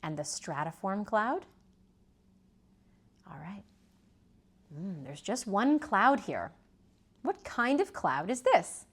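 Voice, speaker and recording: A woman teaching a preschool lesson, gently asking children to repeat words and point. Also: medium pitch, big pitch swings, slow pace, pauses often, husky. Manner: sing-song, asks children to repeat and point.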